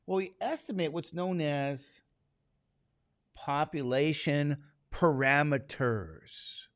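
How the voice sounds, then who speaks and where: A man's voice: a little high, no echo, clean studio sound. A man teaching statistics to a classroom, talking casually and constantly quizzing his students with questions. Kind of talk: classroom lecture.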